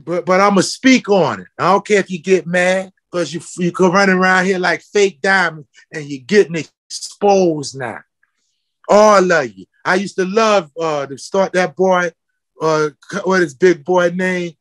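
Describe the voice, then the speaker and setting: A fiery man, speaking in a fairly high register. He preaches and calls people out with question after question. His voice sounds close and dry, with no room echo. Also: a little slow, fairly bright tone. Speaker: footwear company founder. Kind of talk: passionate interview talk.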